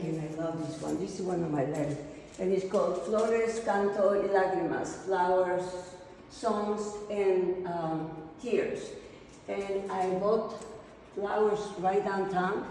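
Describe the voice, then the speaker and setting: A middle-aged woman artist from Mexico with a Mexican Spanish accent, a native Spanish speaker giving a casual, rambling, excitable tour of her home studio and slipping into Spanish. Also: medium pitch, distant mic, a little hiss or hum. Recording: echoey room, voice from off-mic, faint ambience.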